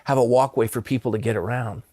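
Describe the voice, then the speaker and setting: A man's voice: medium pitch, steady tone, fast talker, dark tone, no echo, studio quality. A man in his fifties, a pastor from Southern California, earnestly telling personal stories in an interview. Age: 50s. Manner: earnest, impassioned.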